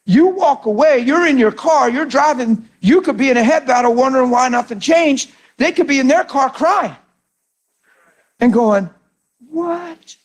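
A male pastor with a notably high voice preaches a sermon on prayer. He tells stories in an earnest, animated way, pressing his point home. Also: moderate pace.

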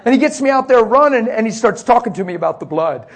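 A man with a husky, breathy voice that sits high for a male. He preaches in a lively storytelling manner, laughing often and slipping into other voices. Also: fast talker. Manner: animated, laughing, acts out voices. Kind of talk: sermon storytelling.

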